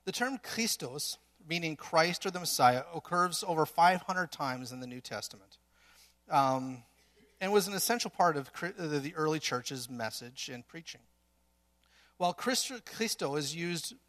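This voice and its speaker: A man's voice: a little high, fairly bright tone. A man preaching a sermon in earnest, building to emphatic peaks with some restarts.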